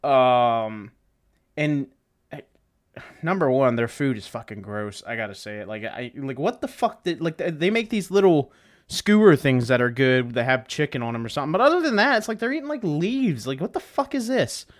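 A man's voice: medium pitch, big pitch swings, moderate pace. A young man hosting a casual solo podcast, rambling and joking with plenty of profanity. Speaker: podcast host. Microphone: desk setup with webcam.

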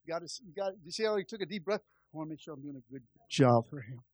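High-pitched guy pastor preaching, dry sound, talks right at the church. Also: animated, very fast, darkish tone, dry recording. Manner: conversational preaching with church call-outs; impassioned, rising in volume. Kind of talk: sermon.

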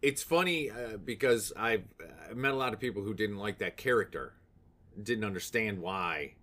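A man co-hosting a podcast in casual chat, jokey and animated, slipping into acted asides. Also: on the low side, normal speed. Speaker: podcast co-host.

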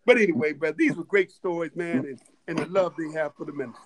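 A man telling stories in a casual chat, animated, with many restarts and laughing asides. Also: a little high, quick pace. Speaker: guest storyteller.

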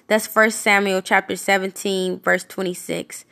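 A woman preaching a devotional podcast sermon in an earnest, conversational way. Her voice sits in a middle register and climbs high when she presses a repeated question. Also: unhurried, fairly bright tone. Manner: casual fillers and self-restarts.

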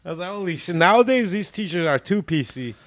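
Man, podcast co-host, bit high-pitched, dry mic, crude loud jokes. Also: animated, fast talker, dry recording. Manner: crude, loud joking interjections. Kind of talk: casual podcast chat.

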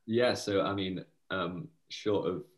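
A man's voice: sits low, takes it slowly, rough recording. A young man talking as an interview guest, keen but hesitant, with many uhs and ums. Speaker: university player and committee member. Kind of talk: casual interview chat.

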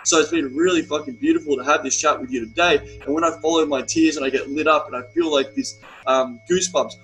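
A young man who coaches men's retreats tells stories as a podcast guest, bluntly, emphatically and with lots of profanity. His voice is slightly high, bright and fast with fairly even intonation, and the rough recording has faint music behind it.

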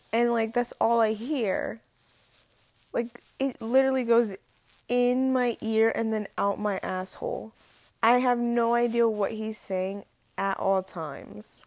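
Teenage girl, casual vlog rant, slangy, gravelly fry, fairly high voice, dry close sound. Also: fairly even intonation, measured pace, no echo. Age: teens. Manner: slangy, lots of "like", drawling and exasperated. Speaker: student vlogger.

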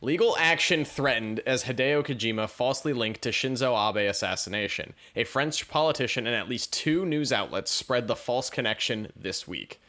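A man's voice: medium pitch, sharp tone. A man hosting a casual news commentary show, reading articles aloud and adding sarcastic asides. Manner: reads headlines then riffs with sarcastic asides.

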